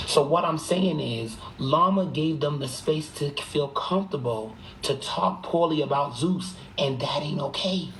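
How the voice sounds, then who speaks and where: A live streamer talking at home into a phone, in rapid, emphatic and profane gossipy livestream chat, sometimes hushed. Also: medium pitch, slight background noise, poor audio. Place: room at home.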